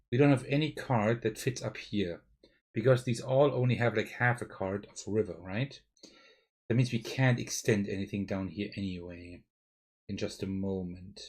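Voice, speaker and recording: Live-stream host, German-accented man, slightly husky, casual and musing. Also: medium pitch, darkish tone. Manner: thinking aloud, frequent "right?" checks. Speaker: board game streamer. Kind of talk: live-stream gameplay commentary.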